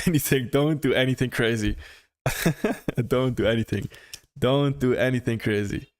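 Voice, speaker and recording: A man's voice: medium pitch, clean tone. Upbeat young man greeting livestream viewers. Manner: upbeat, repeats phrases, greets viewers by name. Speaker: livestream trading host. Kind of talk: casual livestream chat reading viewer comments.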